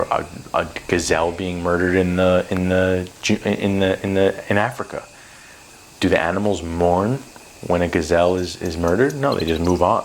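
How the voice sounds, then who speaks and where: A man's voice: sits low, a little hiss or hum. A man on a vlog telling a personal story in an intense, rambling way, swearing freely as he goes. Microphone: close to camera.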